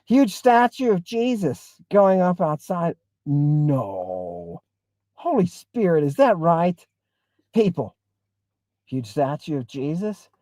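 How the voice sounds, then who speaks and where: A man's voice: on the high side, big pitch swings, takes it slowly, warm tone, dry recording. A man hosting a livestream, talking emphatically and in a rambling way, reading and answering viewer comments. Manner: emphatic, rambling, keeps asking "right?". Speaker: host. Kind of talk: livestream talk with chat.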